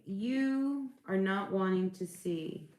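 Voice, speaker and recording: A woman's voice: mid-range voice, expressive, takes it slowly, darkish tone, echoey room. A woman doing a casual tarot reading, rambling and searching for words, reassuring her listeners. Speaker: tarot reader.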